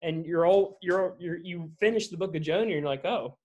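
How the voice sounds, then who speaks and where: A man in a casual church discussion, retelling a Bible story in an animated, conversational way. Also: sits high, brisk. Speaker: church leader in a podcast discussion.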